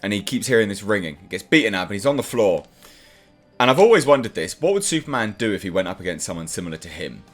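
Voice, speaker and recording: A man's voice: fairly low pitch, sing-song, fast, soft background music. A man hosting his own channel, giving a casual and enthusiastic spoken review of a TV episode. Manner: enthusiastic, chatty, acts out characters' lines.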